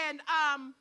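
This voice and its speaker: A woman's voice: sits high, vocal fry, sharp tone. A woman emceeing an outdoor protest rally, leading the crowd in preacherly call-and-response and folksy asides.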